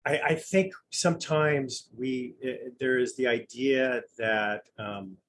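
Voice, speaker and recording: A man's voice: medium pitch, takes it slowly, fairly bright tone, slight background noise, poor audio. A man, a Zen Buddhist priest, giving an informal dharma talk, musing and conversational as he thinks aloud with a light touch of humor.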